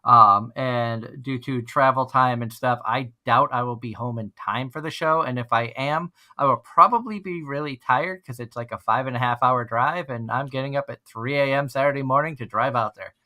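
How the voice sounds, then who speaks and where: A man's voice: mid-range voice, normal speed, hardly any pauses, bright, forceful tone. A man hosting an online fan radio show, chatting casually and rambling with frequent restarts. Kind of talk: casual chat.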